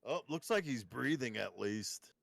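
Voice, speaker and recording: Brief: man doing an Austrian-accented strongman impression, gravelly, mid-pitched, dry close mic. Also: lively intonation, measured pace, a bit bright, no echo, full character voice. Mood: jokey. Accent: Austrian, put on. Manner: heavy mock-menacing delivery, clipped phrases. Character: gruff older male action-star impression. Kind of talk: comedic impression on a podcast.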